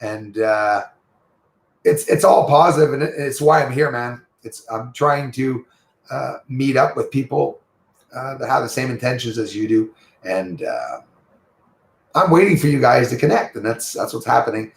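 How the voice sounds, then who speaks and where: A man with a Quebec French accent hosts a casual livestream from home, greeting his viewers by name in a rambling, friendly way. His voice sits at an ordinary pitch with a gravelly, fry-edged texture. The room around him rings with a noticeable echo. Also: expressive, moderate pace. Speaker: livestream host.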